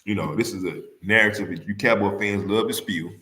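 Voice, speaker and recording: A man's voice: on the low side, fairly quick, bright, forceful tone. Heated man talking sports in an echoey room. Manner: heated, repetitive, rhetorical questions to the audience. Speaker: sports talk livestream host. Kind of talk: casual sports talk, arguing with fans.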